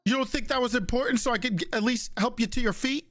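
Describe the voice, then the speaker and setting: A man's voice: very high voice, quick pace, a bit bright. Defensive, hesitant man in roleplay. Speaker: roleplay police officer. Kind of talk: in-character roleplay argument.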